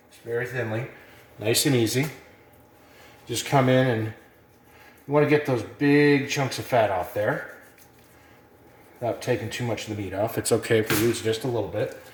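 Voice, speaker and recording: A man giving a casual cooking demonstration, relaxed and rambling with plenty of fillers, a bit out of breath. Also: mid-range voice, reverberant. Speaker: cooking instructor.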